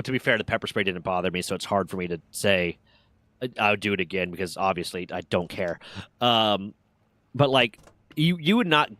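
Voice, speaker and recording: A man's voice: on the low side, no room sound. Swearing man telling stories, dry sound. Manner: animated storytelling, heavy swearing. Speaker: streamer. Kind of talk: casual gaming chat.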